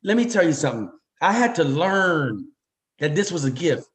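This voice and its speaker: A man's voice: on the high side, sing-song, normal speed. A man from Louisiana, a comedian guest, telling a story animatedly and acting out the dialogue. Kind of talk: storytelling in an interview.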